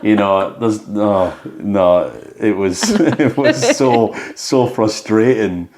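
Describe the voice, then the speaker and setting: A man co-hosting a casual podcast about bad movies at home, jokey and quick to laugh. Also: lowish voice, lively intonation, a little mellow. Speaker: podcast co-host. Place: home, dog in the room.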